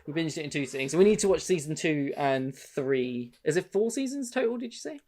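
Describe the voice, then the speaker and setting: A man's voice: fairly high pitch, expressive, fairly quick, darkish tone, a little hiss or hum. A man co-hosting a podcast, chatting casually, rambling with many restarts and swearing freely. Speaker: podcast co-host. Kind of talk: casual chat.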